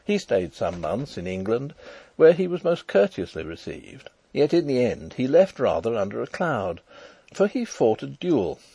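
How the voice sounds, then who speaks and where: A man narrating a classic novel as an audiobook, wry and expressive in his storytelling. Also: mid-range voice, normal speed, creaky, husky, dry recording. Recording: dry close recording.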